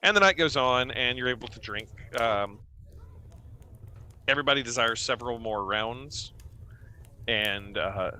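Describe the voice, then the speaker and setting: Hesitant dungeon master, male, bright forceful voice, mid pitch. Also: measured pace, pauses often, slight background noise. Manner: hesitant, many ums and uhs. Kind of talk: narrating a tabletop game.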